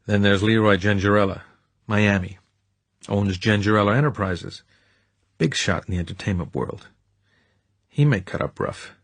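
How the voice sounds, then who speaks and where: A man's voice: fairly low pitch, creaky, slightly rough, no room sound. A man voicing a touchy, menacing male hitman with a curt, threatening manner.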